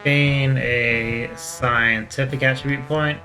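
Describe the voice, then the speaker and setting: A man hosting a gaming channel, reading game text aloud in an even, matter-of-fact way with casual asides while he plays. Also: mid-range voice, slow, soft background music.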